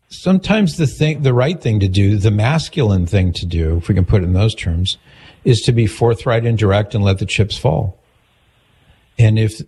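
A man's voice: fairly low pitch, a little mellow, breathy edge. A man hosting an advice call-in talk, direct and earnest, acting out the questions he suggests. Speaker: radio host giving advice.

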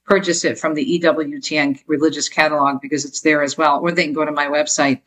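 A middle-aged woman speaks as a guest author. Her talk is earnest and energetic, and she often doubles a word as she sets off on a thought. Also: low voice, fast, low-quality recording. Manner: energetic, earnest, repeats words when starting a thought. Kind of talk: casual interview talk.

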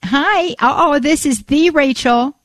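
A woman's voice: high-pitched, unhurried, no room sound. A woman hosting a call-in radio show, praying aloud in an earnest, repetitive way with frequent restarts. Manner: earnest, repeats "Father God", frequent restarts. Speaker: radio host. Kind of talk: spoken prayer and call-in radio chat.

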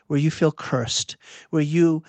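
A man preaching a sermon, reflective and halting, often restarting and correcting himself mid-sentence. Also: on the high side, fairly even intonation, a little mellow, dry recording.

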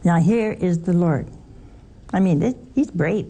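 A woman teaching a Bible study in a lively way, asking her listeners questions and adding wry humor. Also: fairly low pitch, a little slow, slightly rough.

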